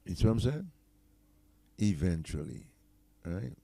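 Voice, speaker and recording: A man's voice: sits low, sing-song, unhurried, vocal fry, warm tone, dry recording. A middle-aged man with a Jamaican accent, chatting loosely as he demos his own AI website and keeps checking in with "right?". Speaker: tech founder demoing his AI site. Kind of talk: casual screen-share demo.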